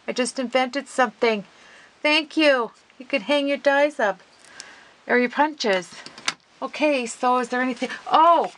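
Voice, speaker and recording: A woman hosting a casual craft video, gushing and excitable as she talks viewers through her work. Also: on the high side, slight background noise, rough recording. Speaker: craft vlogger.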